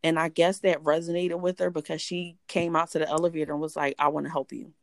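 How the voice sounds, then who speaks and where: A woman guest telling a personal story in an animated way, acting out the voices of others. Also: fairly low pitch, quick pace, dry recording. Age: adult. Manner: animated, acts out voices in quotes. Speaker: interview guest.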